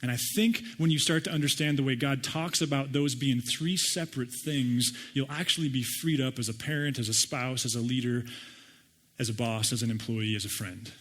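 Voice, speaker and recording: A middle-aged man preaching a sermon and telling personal stories with animated, self-deprecating humor. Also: medium pitch, normal speed. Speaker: pastor.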